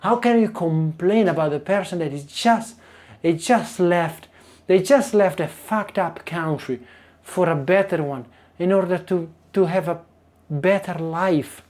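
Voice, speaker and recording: Italian man, native speaker, vlogging from his kitchen to a tripod camera; mellow, warm tone, exasperated rant with frequent restarts. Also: sits high, unhurried. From Italy. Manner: animated, exasperated, many restarts. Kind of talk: casual ranting vlog to camera. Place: home kitchen. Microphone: camera on small tripod.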